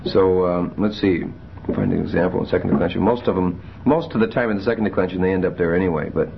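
A man teaching a Greek grammar class, explaining rules methodically with frequent pauses and fillers. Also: sits low, vocal fry, noisy background. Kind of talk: classroom lecture. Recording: muffled lo-fi classroom recording.

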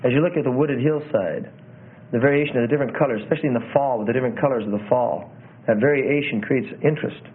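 With a mid-range voice and a fast pace, a man who teaches preaching discusses how to deliver sermons, circling back on phrases and self-correcting. The audio is tinny like a phone call, with slight background noise.

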